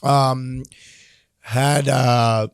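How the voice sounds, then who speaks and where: A man's voice: mid-range voice, fairly even intonation, drawn-out words, clean tone, no echo, clean studio sound. A young man co-hosting a podcast, playful and teasing, laughing often. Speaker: podcast co-host. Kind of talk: casual podcast chat.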